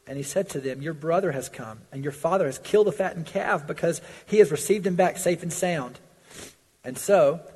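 A man preaches in a slightly husky voice, earnest and emphatic, pushing his volume up on pleas and letting it sink on sober points. He speaks in a church sanctuary, and long reverb trails after his words. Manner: earnest preaching, swells loud on pleas and drops low on warnings. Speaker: pastor. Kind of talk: sermon.

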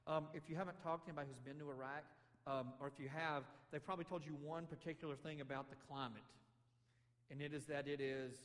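A man's voice: a little high, quick pace. Man preaching in a reverberant hall. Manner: conversational, animated, acts out quotes with rising emphasis. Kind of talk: sermon.

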